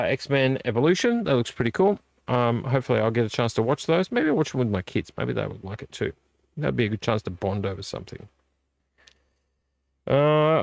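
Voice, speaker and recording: A man's voice: mid-range voice, no echo. A middle-aged man, hosting a casual live-stream vlog in a rambling, easily distracted way. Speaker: vlog host.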